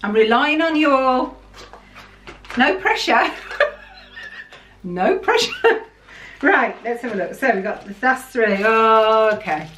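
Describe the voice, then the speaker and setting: A woman from the United Kingdom, chatting excitedly as she unboxes things for her channel. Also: a little high, slow pace, long pauses, slight background noise. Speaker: vlogger. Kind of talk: casual chat while unboxing. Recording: roomy sound from a distant mic.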